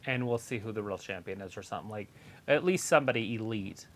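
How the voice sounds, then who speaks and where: A co-host chatting casually on a live stream, offering relaxed, offhand opinions. The voice sits at an ordinary middle pitch. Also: fast. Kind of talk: casual chat.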